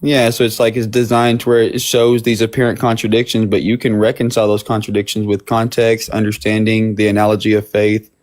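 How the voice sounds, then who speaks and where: A man's voice: on the low side, completely flat delivery, brisk, few pauses, darkish tone. A man calling in who earnestly explains and defends his faith in a casual debate.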